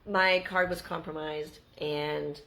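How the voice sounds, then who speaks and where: Gravelly, low-voiced woman vlogger. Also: slow, rough recording. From Canada. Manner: chatty and animated, acts out the people in her stories. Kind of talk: casual storytelling to camera.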